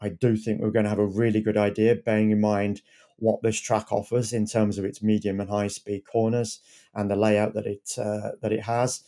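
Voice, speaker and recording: A man's voice: fairly low pitch, warm tone. A man who is a lead editor and podcast regular, chatting casually and rambling a little with repeated words.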